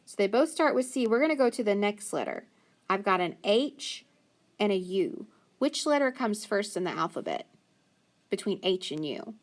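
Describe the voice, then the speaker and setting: Patient woman teaching phonics slowly. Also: mid-range voice, very animated. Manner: slow, patient sounding-out of words. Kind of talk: phonics lesson for young children.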